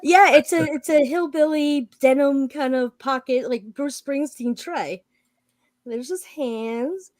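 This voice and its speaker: A woman's voice: high voice, slow, darkish tone. A woman talking as a guest in a casual chat, playful with dry humor and chuckles. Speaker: guest, reseller.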